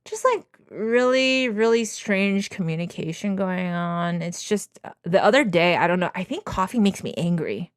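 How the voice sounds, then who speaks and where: A young woman co-hosting a podcast in casual chat, animated and acting out quoted lines in a raised voice. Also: fairly low pitch, moderate pace, few pauses, dry recording, clean studio sound. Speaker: podcast co-host.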